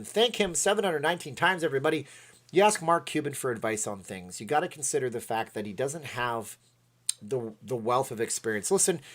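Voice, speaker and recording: A man hosting a casual livestream, rambling and excitable as he reads out chat comments. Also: medium pitch. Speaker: livestream host.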